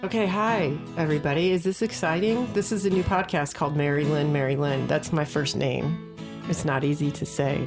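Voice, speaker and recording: A woman in her forties from the Midwest hosting a casual comedic podcast from her home office, rambling and self-deprecating in a deadpan way. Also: low voice, moderate pace, music in the background. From American Midwest. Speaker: podcast host. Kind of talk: casual solo comedic monologue.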